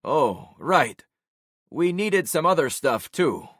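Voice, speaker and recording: A man's voice: big pitch swings, slow pace, a bit bright, slightly rough, no echo, clean studio sound, heavily acted. A man voicing an evasive male gang member who fumbles and stalls as he answers. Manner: fumbling, stalling, raised pitch. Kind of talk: audiobook character voice.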